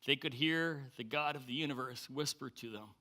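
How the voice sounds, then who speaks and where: Bright-voiced male pastor preaching. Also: mid-range voice, moderate pace. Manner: lively storytelling, acts out quoted voices. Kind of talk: sermon. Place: church sanctuary.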